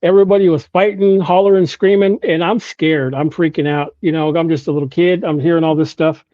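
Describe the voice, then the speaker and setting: Guest from Oklahoma telling a story. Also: male voice, fairly high pitch, steady tone, brisk, no echo, narrow, tinny audio. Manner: storytelling with frequent "you know" and restarts. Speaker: podcast guest.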